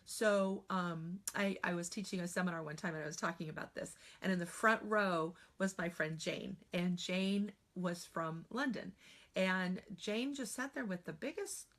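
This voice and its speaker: An American woman teaching spelling in a live online class. She talks in a chatty, animated way and sometimes slips into playful silly voices. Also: lowish voice, moderate pace. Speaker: spelling trainer.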